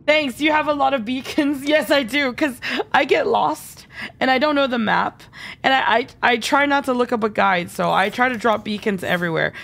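A woman's voice: high voice, normal speed, creaky, a bit bright. A woman streaming a game live, chatty and giggly, thinking aloud and answering viewer chat. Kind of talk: live gameplay commentary.

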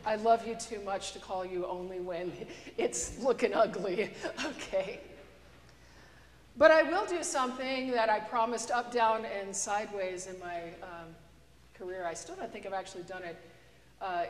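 A woman's voice: mid-range voice, steady tone, unhurried. A woman pastor preaching a sermon in a chatty, storytelling way, recorded in a church. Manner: conversational, storytelling with a joke. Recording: echoey church with long reverb.

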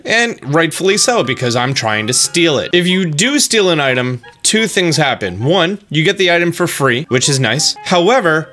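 An American man commenting on a video game in a loose, joking manner. His voice sits a little high, with faint music playing beneath. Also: lively intonation, moderate pace, pushed and bright. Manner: joking, conversational. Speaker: gaming channel host.

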